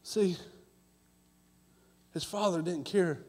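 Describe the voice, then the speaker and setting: Man, preacher, impassioned sermon, very high voice, long church reverb. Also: a little slow. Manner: impassioned, swings between loud calls and hushed asides. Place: church sanctuary.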